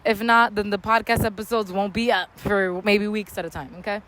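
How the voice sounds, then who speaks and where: A woman talks through a casual motivational podcast monologue outdoors near traffic. She speaks loudly and candidly, in a mid-pitched voice, slangy and profane. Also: steady tone, brisk. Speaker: podcast host.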